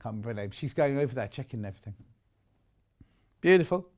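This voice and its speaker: A man's voice: mid-range voice, lively intonation, fast talker. A middle-aged man presenting products live on a home shopping channel, chatty, enthusiastic and jokey about himself.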